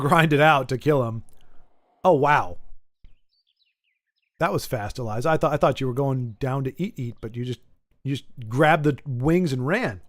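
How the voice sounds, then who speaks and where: A man from Michigan chats through a game stream, often tripping over and repeating his words as he goes. His voice sits a little on the high side. The sound is dry and close, with no room in it. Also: no echo. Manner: rambling, stumbles and repeats words. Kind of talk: casual gameplay chat, reading viewer messages.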